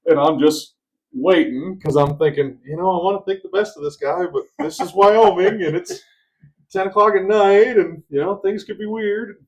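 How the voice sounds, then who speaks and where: A man with a high voice speaks at a normal speed as he co-hosts a podcast. He narrates a long story in a relaxed, animated manner, doing voices for everyone he quotes.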